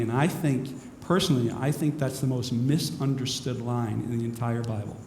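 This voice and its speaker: A minister speaks to a crowd in a large hall, rambling and self-mocking as he moves between jokes and spiritual points. His mid-pitched voice rings with long reverb, and a faint hiss lies underneath. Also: moderate pace, a little mellow. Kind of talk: humorous inspirational talk. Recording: echoey hall with faint noise.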